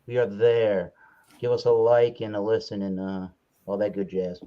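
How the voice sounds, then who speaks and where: A man's voice: on the low side, little pitch movement, normal speed. A man hosting a casual livestream chat, rambling and often correcting himself as he talks. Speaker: livestream host. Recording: slightly dull lo-fi audio.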